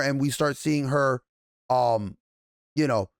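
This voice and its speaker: A man's voice: mid-range voice, slow pace, dry recording, clean studio sound. A young man reviewing a TV episode in an angry, profanity-heavy rant, stumbling and restarting as he gets worked up. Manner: swears constantly, stammers and restarts when agitated. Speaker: TV show reviewer.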